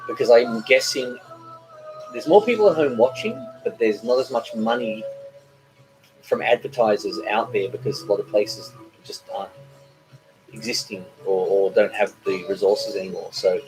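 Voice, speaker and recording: A man's voice: fairly low pitch, low-quality recording. A middle-aged man hosting a casual live stream from home, reading viewer comments aloud, rambling and stumbling over repeated words. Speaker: cooking channel host.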